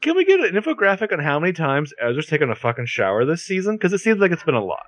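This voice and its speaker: Lively, wry man in casual podcast chat. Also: fairly high pitch, rapid-fire, dry recording. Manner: lively, joking, wry asides. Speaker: podcast co-host recapping a TV episode.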